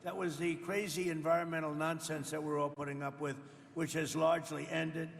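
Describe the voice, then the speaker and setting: Older man, gravelly, rambling and boastful. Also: on the high side, flat delivery, brisk, in a large hall, slight background noise. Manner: rambling, boastful, chatty asides to the audience. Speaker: president speaking at a farmers' roundtable. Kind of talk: off-the-cuff political speech. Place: indoor roundtable event.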